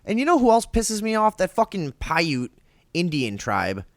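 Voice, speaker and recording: A man's voice: high-pitched, huge pitch swings, moderate pace, no room sound, studio quality. A man co-hosting a talk show, ranting heatedly and profanely with many restarts. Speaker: podcast co-host.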